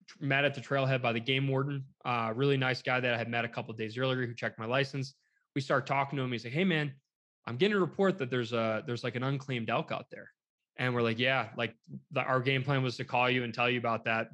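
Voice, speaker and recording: Man rambling through a hunting story. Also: mid-range voice. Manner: rambling, animated retelling with quoted dialogue. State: shaken, emotional. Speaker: hunter telling a story. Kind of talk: casual storytelling.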